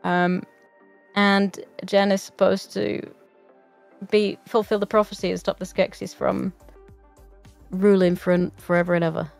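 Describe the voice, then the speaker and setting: A woman co-hosting a casual movie podcast, chatty, swearing freely and laughing often, her voice rough from being sick. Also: medium pitch, little pitch movement, measured pace, soft background music. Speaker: podcast co-host.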